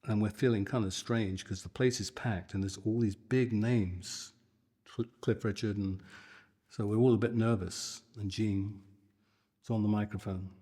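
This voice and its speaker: An older man, a guitarist, telling a lively anecdote and acting out the people in it. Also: on the low side, unhurried, breathy edge, in a large hall. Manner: animated, acts out the people in his story. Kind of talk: anecdotal storytelling.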